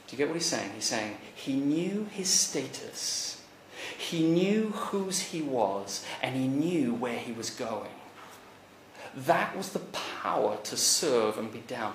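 A man preaching a conversational sermon, animated, rising to emphatic peaks and then dropping quiet. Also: mid-range voice, slight background noise. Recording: echoey church hall recording.

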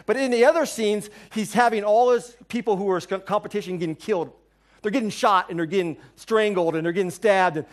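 A man preaching a sermon as pastor, conversational and emphatic, with quick asides to his listeners. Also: sits high, expressive.

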